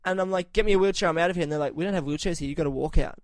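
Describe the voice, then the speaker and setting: A man's voice: on the high side, racing, no room sound. A man hosting a podcast, telling a long profane anecdote in casual chat and acting out the other people in it. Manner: profane, animated anecdotes with quoted voices. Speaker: podcast host.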